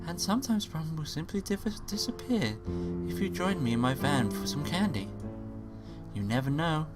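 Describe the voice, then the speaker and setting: A man voicing a creepy, sly older male bird who speaks quietly, with game music behind. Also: on the high side, animated, moderate pace, natural voice.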